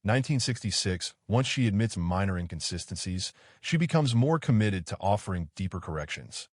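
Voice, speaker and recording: A man narrating a true crime analysis in a low voice with a lively, rising and falling delivery. The sound is dry and close, with no room around it. He reads in a measured, analytical way, citing research and dates. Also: dry recording. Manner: analytical, cites studies and years. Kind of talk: scripted narration.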